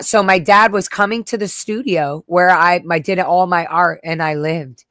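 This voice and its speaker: A woman with a fairly low voice hosts her own livestream, speaking candidly and with raw emotion. She curses bluntly and reacts sharply as she reads messages aloud. The sound is dry and close to the mic, with no room echo. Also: fairly even intonation, moderate pace, few pauses, a bit bright. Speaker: livestream host. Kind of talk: candid personal livestream talk.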